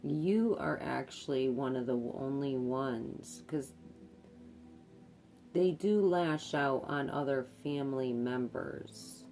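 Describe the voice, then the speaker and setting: A woman's voice: extremely low pitch, takes it slowly, creaky, warm tone, faint music behind. A woman giving a tarot reading, speaking hesitantly with many fillers and repeated words. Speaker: tarot card reader. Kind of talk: intuitive tarot reading to camera.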